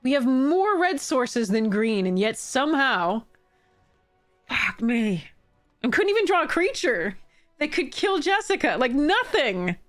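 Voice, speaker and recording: A woman commenting on her own card game, exasperated and swearing, with sudden high-pitched outbursts. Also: sing-song, a little slow, a bit bright, soft background music. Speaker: streamer playing a card game. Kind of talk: frustrated gameplay commentary.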